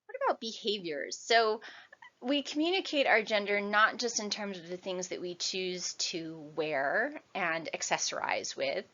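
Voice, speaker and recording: A woman's voice: medium pitch, unhurried, fairly bright tone, lo-fi sound. A woman in her forties giving a recorded university lecture in a conversational way, often checking in with "right?". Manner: conversational, tags sentences with "right?".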